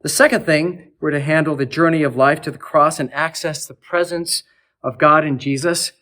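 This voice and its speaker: A man preaching a sermon in earnest, building lists of words and easing down to a soft, low close. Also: fairly even intonation, moderate pace. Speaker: archdeacon preaching. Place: cathedral.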